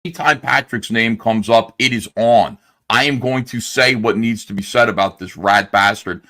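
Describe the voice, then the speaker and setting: A man's voice: fairly low pitch, moderate pace, bright, forceful tone. A man hosting a livestream in heated casual chat, blunt and profane, rambling through fillers. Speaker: livestream host.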